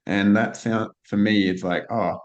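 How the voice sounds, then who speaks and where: A man with a very deep voice hosts a podcast, calm and reflective, thinking aloud as he goes. The recording sounds dull and lo-fi. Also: measured pace. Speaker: podcast host. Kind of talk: casual conversational interview.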